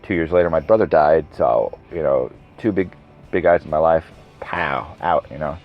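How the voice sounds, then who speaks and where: Rumbling low at a normal speed, a man in his thirties hosts his own podcast alone. He talks loosely, slips into tangents, and corrects himself as he goes. Music plays behind the dull lo-fi recording.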